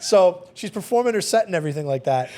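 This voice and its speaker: A man who manages a bar, telling stories in a casual interview, quick and animated with many fillers. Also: high-pitched. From Long Island, New York. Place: podcast studio.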